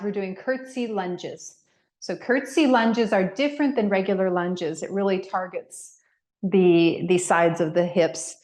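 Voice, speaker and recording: A middle-aged woman leading a guided workout class, counting reps and giving step-by-step movement cues. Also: medium pitch. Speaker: fitness instructor. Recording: echoey room.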